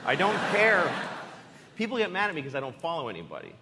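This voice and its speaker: A man's voice: on the high side, huge pitch swings, fast talker, reverberant, heavy background noise. Wry, exasperated man telling a story. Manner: wry, exasperated storytelling with sudden loud outbursts. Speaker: comedian. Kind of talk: stand-up and talk show chat.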